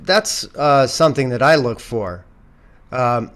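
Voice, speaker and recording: A man's voice: medium pitch, slow, fairly bright tone. A man on a podcast as a guest actor, reflecting on acting in casual conversation. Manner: reflective, thinks aloud with restarts.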